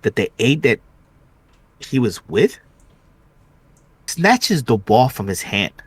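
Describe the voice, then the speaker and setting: A man co-hosting a podcast, telling a story in casual chat, animated and slangy, leaning on "you know" and "dude". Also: mid-range voice, takes it slowly, husky, no echo. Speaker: podcast co-host.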